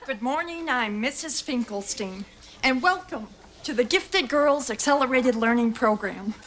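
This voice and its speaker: A woman's voice: fairly high pitch, a little slow, noisy background, natural voice. An actress playing a prim, condescending teacher of a class of gifted girls.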